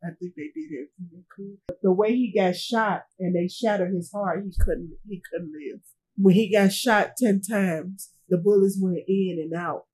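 Husky-voiced grieving middle-aged woman. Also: mid-range voice, darkish tone, low-quality recording. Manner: halting, repeats herself, trails off. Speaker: grieving mother being interviewed. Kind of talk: emotional personal recounting.

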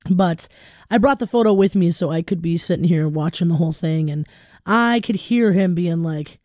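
Chatty radio host with a mellow voice. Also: female voice, lowish voice, normal speed, no room sound, clean studio sound. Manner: warm, chatty, filler-heavy. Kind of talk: community radio tribute show.

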